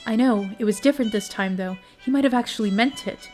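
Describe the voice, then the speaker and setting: A woman's voice: mid-range voice, normal speed, faint music behind, close to an everyday voice. A woman voicing a hot-tempered teenage boy prince who snaps in angry, spitting bursts. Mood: sulky. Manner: shouted, spitting anger.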